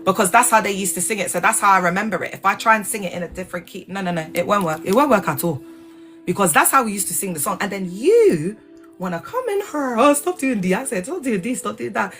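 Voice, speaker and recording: A woman hosting a casual livestream, talking in an animated, digressive way and spelling out sensitive words letter by letter. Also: medium pitch, fast, faint music behind. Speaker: livestream host. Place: lives in England.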